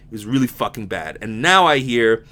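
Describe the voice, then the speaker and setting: A young man with a slight lisp from sore wisdom teeth hosts a casual solo podcast. He rambles candidly, swears freely and restarts his sentences often, in a voice of ordinary middle pitch. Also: lively intonation, normal speed, bright, forceful tone. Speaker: podcast host.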